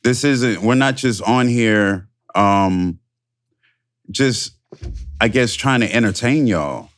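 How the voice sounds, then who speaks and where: A man with a lowish voice co-hosting a podcast. He speaks in a reflective, hesitant way, with pauses and fillers. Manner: supportive listener, reflective and hesitant. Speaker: podcast co-host. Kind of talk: candid personal talk.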